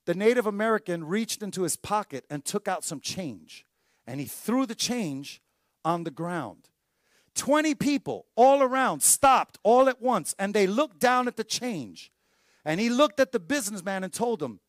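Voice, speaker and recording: A man preaching a sermon as pastor, telling stories with lively acted-out voices and dropping to a hushed tone for emphasis. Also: high-pitched, moderate pace, no room sound, clean studio sound. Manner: animated storytelling preacher, acts out voices in anecdotes.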